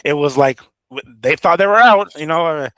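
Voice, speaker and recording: A man's voice: fairly high pitch, moderate pace, fairly bright tone, clear, resonant tone, no room sound. A man co-hosting a boxing show, talking loosely and profanely with many fillers. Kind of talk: casual podcast chat.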